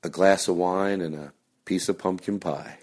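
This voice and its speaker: A man hosting a show, chatting casually in a soft-spoken, partly whispered way. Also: low-pitched, fairly even intonation, moderate pace. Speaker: radio show host. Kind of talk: casual chat.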